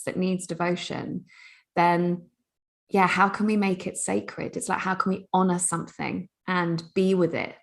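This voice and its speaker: A woman speaks in a low, gravelly voice with a lot of vocal fry. She muses earnestly in a reflective podcast conversation and leans on "you know, like" as she thinks.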